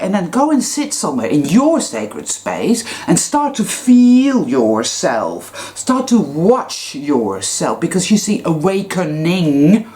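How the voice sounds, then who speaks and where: Low, dark-toned woman, blunt and profane, ranting emphatically about spirituality. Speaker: spiritual vlogger.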